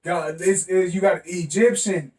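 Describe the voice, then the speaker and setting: A man's voice: high voice, steady tone, a little slow, reverberant, recorded from a distance, a crowd in the background. A man co-hosting a podcast in casual chat, blunt and profane, laughing at his own jokes. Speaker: podcast co-host.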